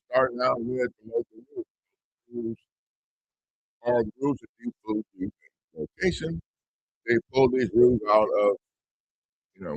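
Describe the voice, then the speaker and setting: A man's voice: mid-range voice, gravelly, fairly bright tone, no room sound, poor audio. A man in a casual livestream chat, talking in a blunt, profane and defiant way. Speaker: host.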